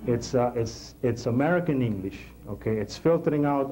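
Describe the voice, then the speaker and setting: A man teaching a technical class in a classroom, halting and repeating words as he explains and checking in with the class. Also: medium pitch, expressive, dark tone, slight background noise, poor audio. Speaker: instructor.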